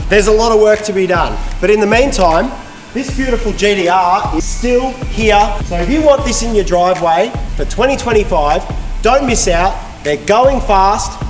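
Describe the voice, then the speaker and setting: A man with a high voice gives an upbeat sales pitch for a giveaway. The room is echoey, with a long reverb tail. Music plays behind him. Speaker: host reading a promo. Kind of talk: upbeat sponsor plug.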